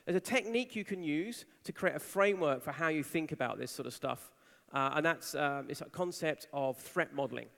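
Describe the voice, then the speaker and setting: A man's voice: fairly high pitch, fairly quick, vocal fry, fairly bright tone. A man giving a conference talk, telling a story with animation and acting out the people he quotes. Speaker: conference speaker. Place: large conference hall. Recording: reverberant hall.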